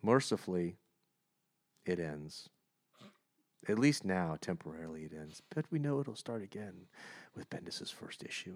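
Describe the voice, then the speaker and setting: A man co-hosting a comic book review podcast, ranting with animated, sarcastic energy. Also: low-pitched, measured pace, long pauses. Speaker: podcast co-host.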